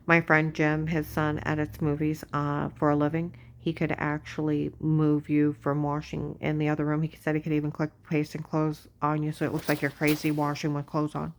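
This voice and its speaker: A woman giving an agitated personal monologue, ranting and swinging between loud outbursts and hushed whispers. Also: low voice, monotone, moderate pace, hardly any pauses, a little hiss or hum.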